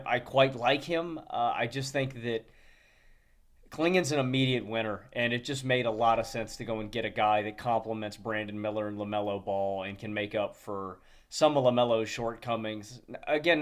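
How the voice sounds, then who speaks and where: A man co-hosting a podcast, chatting casually in a relaxed way with frequent filler sounds. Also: medium pitch. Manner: relaxed, many "uh" fillers and restarts, chuckles. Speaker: podcast co-host. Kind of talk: casual chat.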